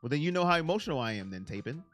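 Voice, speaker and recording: Animated high-voiced man hosting a live stream. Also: rapid-fire, faint music behind. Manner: animated, reads and answers chat by name; self-described as very emotional. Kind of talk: casual live-stream sports chat.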